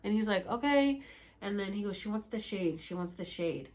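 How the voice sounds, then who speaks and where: A young woman vlogger telling a story casually and animatedly, acting out her own pleas in high, loud bursts and swearing freely. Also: expressive, moderate pace.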